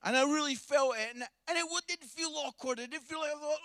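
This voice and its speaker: High, bright-voiced preacher. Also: male voice, a little fast, hardly any pauses, no echo. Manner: animated, humorous, acts out dialogue. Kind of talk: sermon with storytelling.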